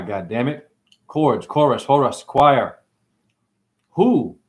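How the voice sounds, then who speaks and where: A man hosting an online show, rambling through playful wordplay in a sing-song way, with sudden high whoops and drawling asides. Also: big pitch swings, slow pace. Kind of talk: rambling livestream monologue.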